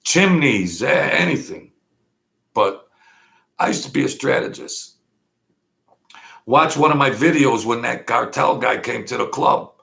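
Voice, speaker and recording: A man's voice: mid-range voice, animated, measured pace, vocal fry, pauses often, sharp tone. A man talking in a blunt, rambling monologue full of street slang. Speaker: vlog host. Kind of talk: casual monologue.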